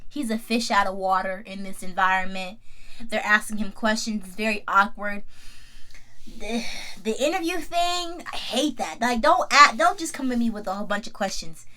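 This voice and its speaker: Chatty, bright-voiced young woman reviewing TV. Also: a little high. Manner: animated, slangy, talks back to the characters. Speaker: YouTube TV recap host. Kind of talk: casual review chat.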